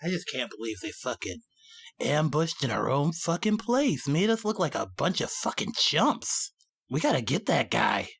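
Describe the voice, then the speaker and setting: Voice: medium pitch, big pitch swings, moderate pace, gravelly, fairly bright tone, slightly rough, heavily acted. A tabletop player voicing a hot-tempered male moon-born runner who swears constantly. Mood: angry.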